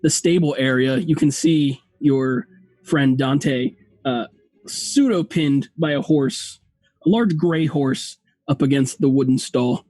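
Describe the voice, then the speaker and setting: A man running a tabletop game as game master, narrating in a halting way and laughing often. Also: mid-range voice, warm tone, dry recording.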